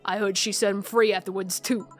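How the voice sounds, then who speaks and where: A woman voicing a boastful, gossipy male bar patron, dropping her voice low and using a deliberately bad accent from no particular place. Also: flat delivery, soft background music, lightly acted. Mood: gossipy boasting.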